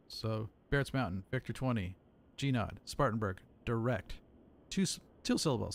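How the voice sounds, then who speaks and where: Gravelly-voiced man chatting on a stream. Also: mid-range voice, animated, normal speed, pauses often. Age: 30s. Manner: chatty, explains with repeated examples, self-mocking. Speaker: streamer and air traffic controller. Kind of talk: casual live-stream chat.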